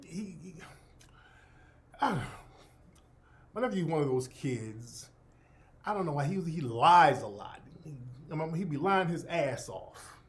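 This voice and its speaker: A middle-aged man hosting his own radio show, telling a profane, animated story in a casual monologue and breaking into laughter. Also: on the high side, unhurried, pauses often.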